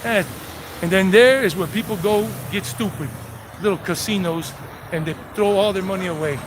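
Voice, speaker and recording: A man's voice: sits high, normal speed. A man giving a casual walking tour on a live stream, chatty and full of joking asides, outdoors in town streets. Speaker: travel vlogger. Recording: noisy street with traffic. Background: street noise and vehicles.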